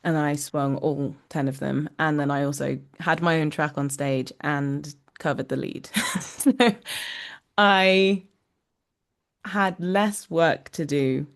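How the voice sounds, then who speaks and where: Low-voiced chatty woman actor. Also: fairly even intonation, slow pace. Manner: chatty, laughs often, many fillers. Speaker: musical theatre actor, guest. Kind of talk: casual interview chat.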